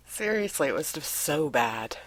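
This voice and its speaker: A woman's voice: low-pitched, slightly rough, no echo. A woman co-hosting a casual podcast, telling family stories in a chatty way and laughing often. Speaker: podcast co-host.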